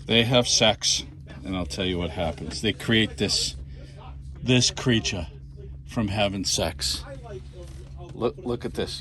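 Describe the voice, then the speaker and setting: A man chatting casually in a comic book shop, rambling and animated, laughing often. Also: lowish voice, slow pace, long pauses. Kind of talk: casual chat.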